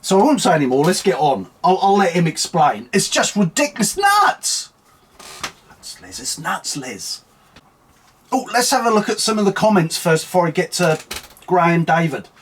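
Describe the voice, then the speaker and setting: A man's voice: high-pitched, animated, a little fast, slight background noise. A man hosting an angry, sweary political rant, mocking and heated. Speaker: online commentary host.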